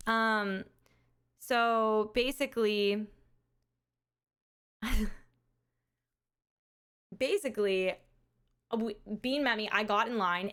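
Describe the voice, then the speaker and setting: A woman streamer with a mid-range voice hosts a charity fundraiser and tells a story in casual chat. She's animated, laughs often, and swears offhandedly.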